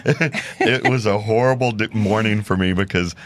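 A man's voice: on the low side, normal speed, a little hiss or hum. A man hosting an interview podcast in an upbeat, enthusiastic way, chatting casually over a video call. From Houston, Texas. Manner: upbeat, enthusiastic, laughs often. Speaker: podcast host.

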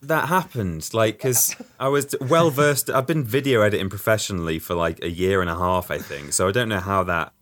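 A man's voice: fairly low pitch, moderate pace, few pauses, a bit bright. A man chatting casually as a podcast co-host, sheepishly telling a story about his own mistake at work. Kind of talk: casual chat.

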